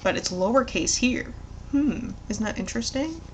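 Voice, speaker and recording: A woman tutor explaining a literacy lesson in an encouraging way, asking leading questions and modeling words slowly. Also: a little high, animated, a little hiss or hum. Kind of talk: instructional tutorial.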